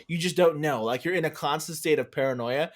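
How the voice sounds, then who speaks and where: A young man from California, co-hosting a podcast in animated, joking casual chat. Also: a little high, fairly quick. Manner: animated, joking, laughs often. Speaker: podcast co-host.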